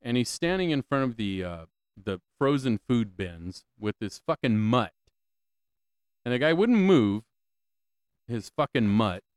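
A man's voice: mid-range voice, big pitch swings, unhurried, long pauses, darkish tone, smooth, no room sound. A man hosting a solo podcast, ranting with lots of swearing, repeated questions and stammering restarts, on a close mic. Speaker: podcast host.

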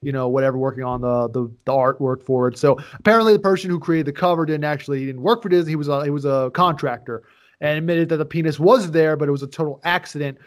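Man, podcast co-host, high-pitched voice, rambling, profane casual chat. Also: fast talker. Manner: rambling, profane, loose storytelling.

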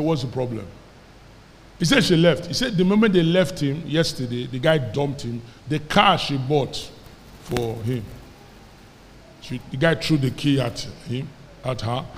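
A Nigerian man preaching a sermon, telling a story with lively quoted dialogue and having the congregation repeat after him. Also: on the high side, creaky, long reverb tail, slight background noise. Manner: animated storyteller, quoting characters, calling on the congregation to repeat. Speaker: pastor.

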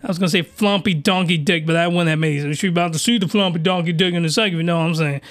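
Bright high-voiced excitable man. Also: rapid-fire. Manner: animated, crude, excitable. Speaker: podcast host. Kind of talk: reaction commentary.

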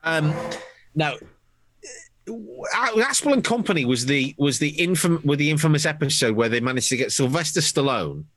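A man's voice: a little high, expressive, moderate pace, fairly bright tone. A man co-hosting a podcast, chatting casually in a wry, rambling, mock-exasperated way. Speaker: podcast co-host. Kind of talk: casual chat.

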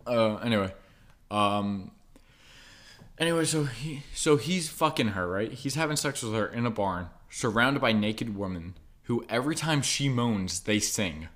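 A young man retelling a film in loose podcast chat, his talk packed with filler words and swearing. His voice sits at an everyday middle pitch. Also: expressive, measured pace, fairly bright tone. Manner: rambling, profane, lots of likes and ums. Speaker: podcast co-host.

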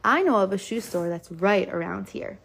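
A woman's voice: mid-range voice, animated, moderate pace, gravelly, fairly bright tone, slightly rough, exaggerated voice. A woman voicing a lazy, reluctant older boy who grumbles about the heat. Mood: helpful. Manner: reluctant, whiny.

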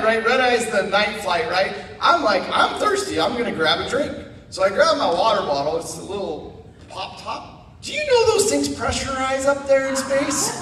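A man giving a guest testimony at church, animated and self-mocking, acting out the people in his story. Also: high-pitched, a little hiss or hum. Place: church sanctuary. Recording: echoey church hall from far off.

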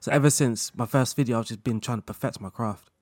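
A man in a casual interview, speaking at a middle pitch in a relaxed, rambling way. He laughs often and strings thoughts together with fillers. The recording is close and dry. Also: quick pace, no echo. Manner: relaxed, laughs often, loose run-on sentences with many fillers. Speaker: guest content creator.

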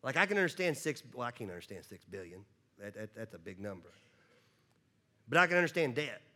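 A male pastor preaching a sermon in a conversational way, often repeating words as he starts a sentence and swinging from loud emphasis to low, hushed asides. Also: very animated, a little fast.

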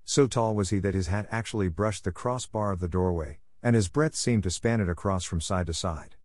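Low-voiced man reading a classic story. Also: a little fast, a little mellow. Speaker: audiobook narrator. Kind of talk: scripted narration.

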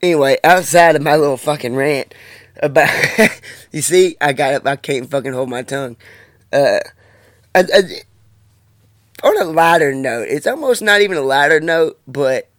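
A man's voice: medium pitch, a bit bright, dry recording, clean studio sound. A man in his twenties talking alone on his podcast, blunt and heavy on profanity, ranting about his life. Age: 20s. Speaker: podcast host. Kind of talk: casual monologue.

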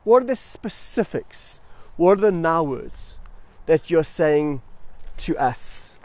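A pastor preaching in a high-pitched voice, animated and emphatic, building his points through repetition and pauses. His sound is dry and close, with almost no room around it. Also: dry recording. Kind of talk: sermon.

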